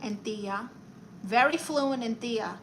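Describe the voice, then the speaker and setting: Slow-paced and a little high, this New York-accented woman is heard over a faint hiss or hum. She runs a casual livestream, reading comments out and dishing advice with theatrical auntie sass, addressing viewers as honey and darlings.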